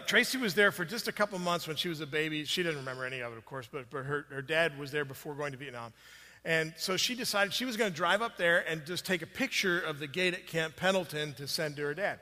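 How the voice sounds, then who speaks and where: Guy pastor telling a story in his sermon, kinda high voice, long hall echo. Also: pushed and bright. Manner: storytelling, conversational with restarts.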